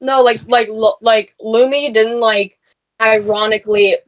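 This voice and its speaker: A woman's voice: fairly high pitch, steady tone, a little slow, low-quality recording. A woman in a casual voice chat, blunt and slangy, swearing freely.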